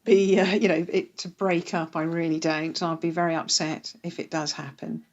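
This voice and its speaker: A woman's voice: on the low side, little pitch movement, moderate pace. Chatty woman on a dull lo-fi line. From Northern Ireland. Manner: chatty, warm laughs, fillers. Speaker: guest, planning director. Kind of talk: casual podcast interview.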